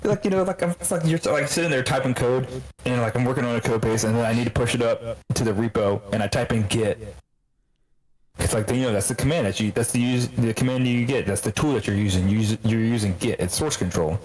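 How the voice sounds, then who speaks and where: A man's voice: mid-range voice, fast, a little mellow, low-quality recording. A man co-hosting a podcast, telling a long profane story in casual chat. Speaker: podcast co-host.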